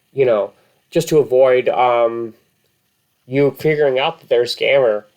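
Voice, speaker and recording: A man's voice: medium pitch, a little mellow. A man talking casually to camera as a vlog host, rambling with many fillers and restarts.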